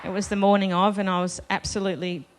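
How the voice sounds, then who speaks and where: Speaking fast in a level, medium-pitched voice, a festival panel speaker relates a personal story to a live crowd, chatty and self-deprecating with laughter between lines. A little hiss or hum is audible.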